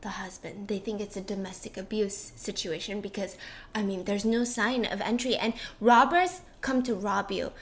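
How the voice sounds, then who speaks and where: A woman host telling a true-crime story in a chatty, animated way, full of "like" and asides. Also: medium pitch, moderate pace.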